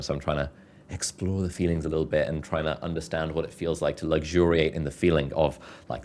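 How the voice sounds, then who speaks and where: A man speaking as a podcast guest, reflective and measured in his answers. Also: rumbling low, a little mellow. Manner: thoughtful, measured, many "like" fillers. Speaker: guest, content creator. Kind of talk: reflective interview talk.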